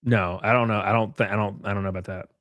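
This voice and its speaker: A man's voice: on the low side, fairly even intonation, quick pace, a bit bright, dry recording. A young man hosting a casual live stream, reading viewer comments and joking crudely with frequent laughs. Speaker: livestream host.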